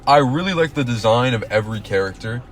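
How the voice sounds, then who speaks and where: A man's voice: medium pitch, lively intonation, quick pace, a little hiss or hum. A young man co-hosting a podcast in casual chat, rambling with restarts and swearing. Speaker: podcast co-host.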